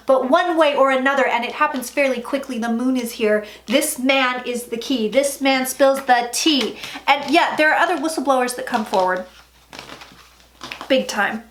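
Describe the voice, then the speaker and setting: Woman psychic, high voice, chatty and theatrical delivery for a tarot reading vlog. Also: slight background noise. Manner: chatty, dramatic, with sudden loud asides and drawn-out phrases.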